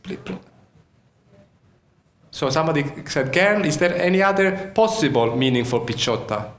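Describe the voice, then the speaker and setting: Speaking at a moderate pace in a slightly high, animated voice, a male university lecturer from Sicily, Italy, gives an interactive keynote with an Italian accent. He quizzes the audience and often starts his sentences over, and the lecture hall recording is echoey.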